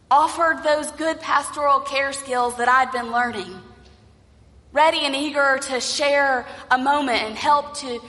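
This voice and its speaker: A woman's voice: sits high, pushed and bright, long reverb tail. A woman pastor preaching a sermon, telling a story and acting out the voices in it.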